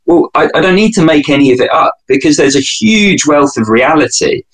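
Husky-voiced British man, wry and chatty. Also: fairly high pitch, expressive, a little fast, fairly bright tone, rough recording. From United Kingdom. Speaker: podcast guest. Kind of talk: casual conversational interview.

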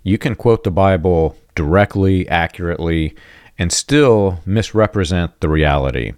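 A man with a very low, deep voice speaks in an earnest, emphatic way, circling back to repeat his key points. The sound is close and dry, with no room around it. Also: moderate pace, a little mellow, dry recording. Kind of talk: conversational commentary on religion.

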